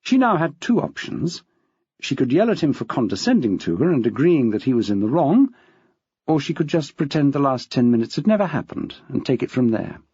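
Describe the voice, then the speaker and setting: A man narrating an audiobook in a measured, expressive reading style. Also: medium pitch, breathy edge, no room sound. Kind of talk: scripted narration. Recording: dull, dry.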